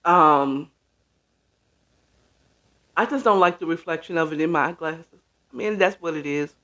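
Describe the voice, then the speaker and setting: Man, casual live-stream host, high voice, unhurried delivery, greets viewers by name. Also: pushed and bright. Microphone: camera setup with ring light.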